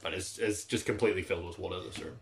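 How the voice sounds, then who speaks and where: A man's voice: sits low, rapid-fire, gravelly. A man narrating a tabletop game as game master in a loose, chatty way with many fillers.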